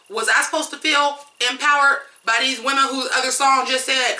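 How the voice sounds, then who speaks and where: A woman's voice: sits high, lively intonation, normal speed, few pauses, bright, forceful tone, roomy sound. A woman reviewing songs in a blunt, profane, fired-up rant. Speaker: music reviewer. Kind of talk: ranting song review.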